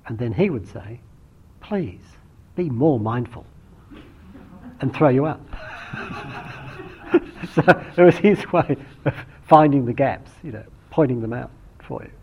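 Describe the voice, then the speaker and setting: A husky-voiced man gives a dharma talk as a meditation teacher, thoughtful and unhurried, often circling back to restart a phrase. His voice sits at an ordinary middle pitch. The recording is dull and lo-fi. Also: lively intonation.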